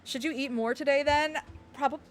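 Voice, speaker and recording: A woman's voice: high-pitched, steady tone, normal speed, a little hiss or hum. A woman streamer chatting casually on a live stream, bubbly and giggly, rambling with lots of fillers. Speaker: game streamer.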